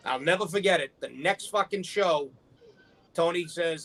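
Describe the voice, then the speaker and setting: A man's voice: fairly high pitch, unhurried, a bit bright. A man on a wrestling podcast who tells rambling, profane stories about the business. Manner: profane, rambling, stammers restarts. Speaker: wrestling podcast panelist, former manager. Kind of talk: casual chat, storytelling.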